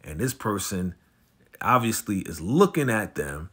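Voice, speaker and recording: A man giving a casual, slangy recap of a TV drama episode, telling it with animated energy. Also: lowish voice, husky. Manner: animated, slangy storytelling, often fast. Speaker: YouTube show recapper.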